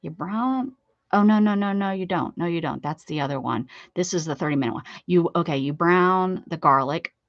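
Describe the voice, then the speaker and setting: A woman's voice: sits low, no room sound. A middle-aged woman, chatting casually on a livestream and rambling with many self-corrections. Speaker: craft livestream host. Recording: dull, slightly lo-fi dry sound.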